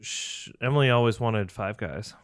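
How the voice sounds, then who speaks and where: Laid-back man with a lowish voice. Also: moderate pace, clean tone, dry recording, studio quality. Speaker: podcast co-host. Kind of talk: casual chat.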